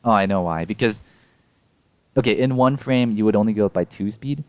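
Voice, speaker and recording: A man's voice: fairly low pitch, moderate pace, darkish tone, no room sound. A young man casually explaining his game run frame by frame, rambling and correcting himself with small laughs. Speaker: speedrun player explaining a tool-assisted run.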